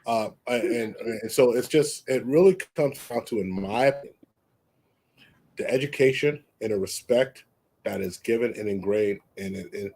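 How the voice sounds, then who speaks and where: A man's voice: mid-range voice, moderate pace, a little mellow. A man with family roots in Texas, co-hosting an interview on a video call, talking in emphatic, rambling bursts full of restarts. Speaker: co-host. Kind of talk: casual interview chat.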